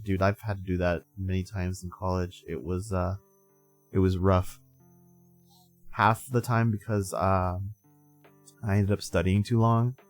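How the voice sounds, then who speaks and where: A man in his twenties hosts a live stream, chatting casually in a sleepy, rambling way and laughing often. His voice is low and a little mellow.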